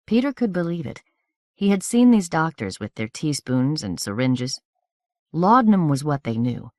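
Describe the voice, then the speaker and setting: A woman narrating a novel in a measured, steady reading voice. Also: sits low, dry recording, clean studio sound. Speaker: audiobook narrator.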